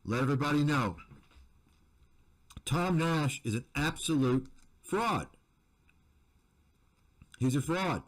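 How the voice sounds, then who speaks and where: A man's voice: fairly high pitch, animated, takes it slowly, long pauses, rough recording. Heated man ranting at viewers. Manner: combative, repetitive, name-calling. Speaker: investment analyst and commentator.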